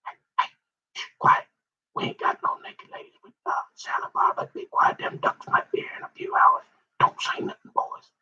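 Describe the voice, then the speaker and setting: A man voicing gruff male duck hunters who whisper to keep each other quiet, in rough country grammar. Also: slow, reverberant, distant mic, highs cut off. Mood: hushed.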